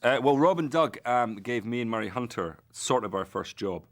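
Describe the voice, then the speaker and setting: A man's voice: medium pitch, animated, moderate pace. A man, an actor, telling self-mocking, joking anecdotes in an interview.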